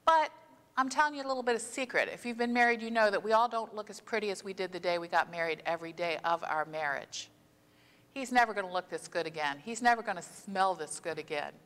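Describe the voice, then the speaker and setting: Woman pastor, plain mid voice, chatty preaching that slows for emphasis; sanctuary echo. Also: medium pitch, a bit bright. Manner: conversational storytelling preaching; slows down to stress key phrases. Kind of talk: sermon. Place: church sanctuary. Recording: long church reverb.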